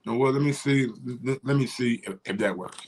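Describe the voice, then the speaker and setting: A man's voice: mid-range voice, a little fast, noisy background. Frustrated cursing livestream host, man. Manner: frustrated, profane, repeats himself. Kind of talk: casual livestream chat.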